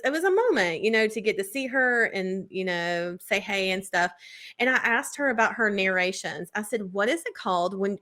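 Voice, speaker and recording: Young woman, casual podcast chat, chatty storyteller, mid-pitched voice. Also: a bit bright. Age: 20s. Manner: chatty storyteller, lots of "like" and laughs. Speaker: podcast co-host.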